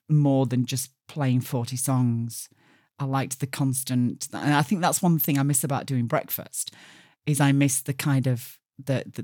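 A middle-aged woman with a Yorkshire accent, a radio presenter telling stories in a casual interview, lively and chatty with quick bursts. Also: rumbling low, dry recording, studio quality. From Barnsley, Yorkshire, England.

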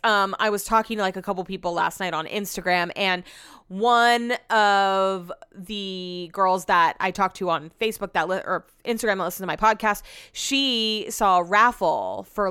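A young woman hosts her podcast in loose, animated chat, rambling through stories with plenty of "like" fillers. Her voice is smooth and clear at an average pitch. The sound is dry and close, with no room around it. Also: no room sound. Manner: chatty, animated storytelling with many "like" fillers. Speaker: podcast host. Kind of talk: casual chat.

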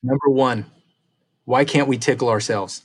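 A man's voice: mid-range voice, moderate pace, breathy edge. A man co-hosting a casual podcast, reading quiz questions in an upbeat, encouraging way.

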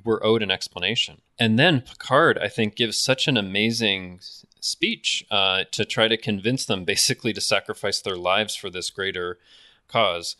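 A man's voice: on the low side, moderate pace, bright, forceful tone, no room sound, clean studio sound. A man co-hosting a podcast in casual chat, enthusiastic and self-deprecating, often restarting his sentences. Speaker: podcast co-host.

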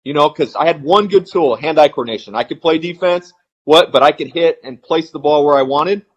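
A middle-aged man with a slightly high, husky voice tells blunt stories in a rapid, animated flow. The sound is dull and lo-fi, like a modest podcast recording. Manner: blunt, animated, fast-flowing anecdotes. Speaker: retired baseball player, guest. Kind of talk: podcast interview storytelling.

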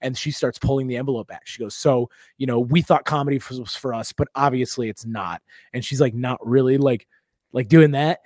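A man's voice: medium pitch, fairly quick, no room sound, studio quality. A man, a comedian co-hosting a podcast, telling a story in casual chat, acting out the other people and swearing freely. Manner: animated, acts out quotes, swears freely.

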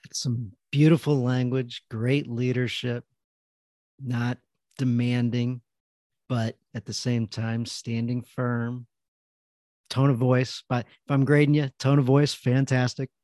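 A man's voice: mid-range voice, level tone, slow pace, warm tone, dry recording, clean studio sound. A man hosting a podcast interview, encouraging his guest and coaching listeners directly. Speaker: podcast host. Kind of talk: casual interview talk.

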